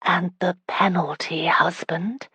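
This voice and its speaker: A woman's voice: mid-range voice, expressive, a little slow, no room sound, lo-fi sound, pitched above the performer's own voice. Teasing young medieval bride, playful and light, voiced by a woman reader, dry close sound.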